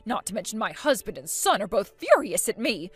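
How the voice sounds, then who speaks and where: A woman voicing a loud, self-righteous older mother-in-law in a storybook tale, haughty and scolding, with faint music behind. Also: medium pitch, very animated, brisk, slightly rough, no room sound. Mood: indignant.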